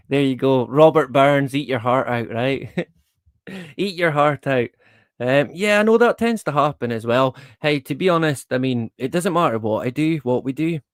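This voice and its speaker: A man's voice: mid-range voice, dry recording, studio quality. A man hosting a casual livestream, rambling in a laid-back way, chuckling often and swearing casually. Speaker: livestream host.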